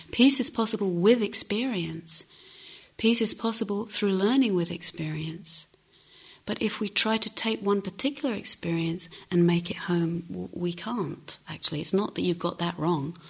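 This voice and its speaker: A middle-aged woman meditation teacher giving a gentle, reflective dharma talk with unhurried pauses. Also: medium pitch, slightly rough.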